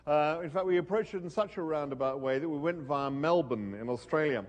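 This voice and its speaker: A man's voice: on the high side, a little fast. A man giving a talk at a university event and reading aloud, wry and hesitant, with many ums and restarts. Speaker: guest speaker.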